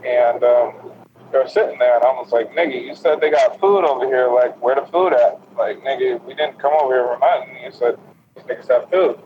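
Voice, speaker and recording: A young man tells a long, crude story to his friends, swearing freely and laughing as he acts out each person's lines. The recording sounds muffled and lo-fi. A steady, heavy hiss of noise runs under his voice. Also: mid-range voice, fairly quick. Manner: profane, laughing, acts out quotes. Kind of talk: casual storytelling among friends. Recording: lo-fi with loud noise.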